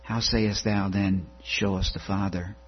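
A preacher voicing a solemn divine teacher. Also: male voice, deep voice, level tone, breathy edge. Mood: reproachful. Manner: slow, solemn, old-fashioned speech. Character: gently reproachful male divine teacher. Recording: dull lo-fi recording with mains hum.

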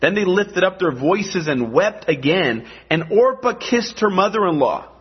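A man preaches a sermon in a conversational style, stressing his points with dramatic asides. His husky voice sits a little high for a man. The recording is dull and lo-fi. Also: very animated, measured pace. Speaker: pastor.

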